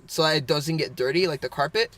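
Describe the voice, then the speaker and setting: A man's voice: a little high, quick pace, fairly bright tone, no room sound. A young man co-hosting a podcast, telling stories in a rambling, casual way full of "like" and restarts. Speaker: podcast co-host. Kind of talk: casual storytelling chat.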